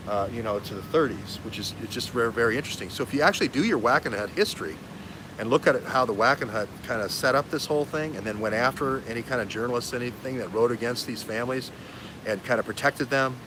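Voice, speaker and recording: A man hosting a livestream as an investigative journalist, talking in an animated, digressive way that jumps between threads. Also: medium pitch, background noise. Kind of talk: livestream talk.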